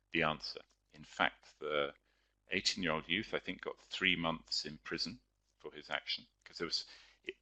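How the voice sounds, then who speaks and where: A man's voice: rumbling low, sharp tone. A man, a teacher and writer, giving a chatty, explanatory webinar lecture with frequent fillers.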